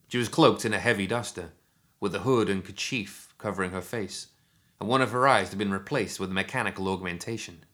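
A man with a voice on the low side narrates a written action story as a scripted audiobook, keeping a steady, measured storytelling manner.

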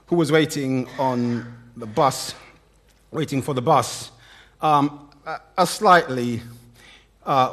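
A middle-aged man preaching a sermon, with dramatic emphasis, pauses and humorous asides. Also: mid-range voice, fairly bright tone.

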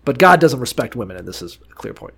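A man's voice: mid-range voice, sing-song, fast talker, creaky, a bit bright, breathy edge. A man in casual chat about the Bible, irreverent and profane, joking about the stories. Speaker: podcast co-host.

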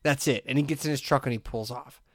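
A man's voice: mid-range voice, fast, no room sound, studio quality. A man co-hosting a podcast, telling a long story in casual chat, acting out the voices of the people in it and laughing often. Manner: animated storyteller, acts out quotes, laughs often. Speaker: podcast co-host.

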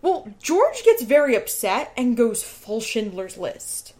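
Woman on a podcast chatting about a show, higher-pitched voice. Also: big pitch swings, slow, darkish tone. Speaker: podcast co-host. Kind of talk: casual chat recapping a TV show.

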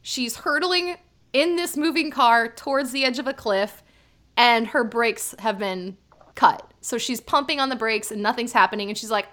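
A woman co-hosting a casual chat, retelling scenes with lively, joking commentary. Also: fairly high pitch, moderate pace. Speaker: podcast co-host. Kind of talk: casual chat recapping a drama.

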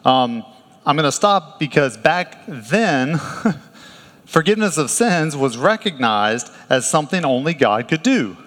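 A man's voice: medium pitch, moderate pace, a bit bright. A male pastor preaches in an easy, conversational way, laughing now and then and restarting his sentences. His mid-range voice carries a long reverb, as in a large hall. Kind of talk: sermon.

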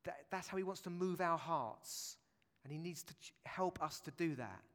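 A man's voice: a little high, moderate pace, a bit bright. A man preaching a sermon in a church, chatty and jokey, with asides to the congregation. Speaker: pastor. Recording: long church reverb.

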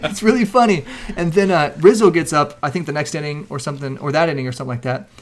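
A man co-hosting a casual chat, telling animated stories and acting out quotes with loud shouts. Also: on the high side, fast. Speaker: podcast co-host.

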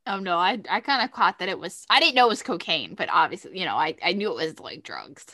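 Bright-voiced woman podcast co-host. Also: fairly low pitch, sing-song, fast, no echo, studio quality. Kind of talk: casual chat.

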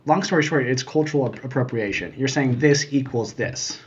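A man's voice: medium pitch, fairly quick. A man co-hosting a casual podcast, thoughtfully explaining his views at length. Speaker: podcast co-host. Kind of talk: casual chat. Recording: dull lo-fi audio.

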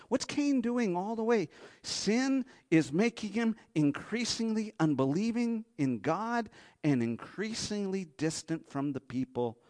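A man preaching a sermon with real animation. He acts out Bible characters in high, excited voices, then drops to a low hush to drive a point home. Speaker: pastor.

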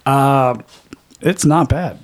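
A man who produces the podcast, chatting casually in a halting, laid-back way. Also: medium pitch. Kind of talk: casual chat.

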